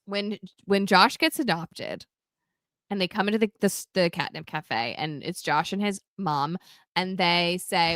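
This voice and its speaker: A woman's voice: fairly low pitch, measured pace, no echo. A woman co-hosting a podcast, recapping a film in casual chat, acting out the characters' lines and laughing often. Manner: animated storytelling, acts out character quotes, frequent laughs and fillers. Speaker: podcast co-host.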